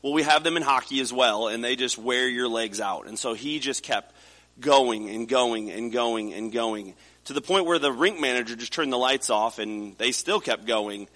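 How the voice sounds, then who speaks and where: Bright-voiced preacher in a reverberant hall. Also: male voice, medium pitch, normal speed. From United States. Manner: conversational storytelling with frequent restarts. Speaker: pastor. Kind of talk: sermon. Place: church sanctuary.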